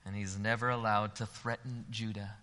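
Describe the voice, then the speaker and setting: A man preaching a sermon. He swells to loud, emphatic peaks when reading scripture and drops low when he explains. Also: little pitch movement, moderate pace. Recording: long hall reverb.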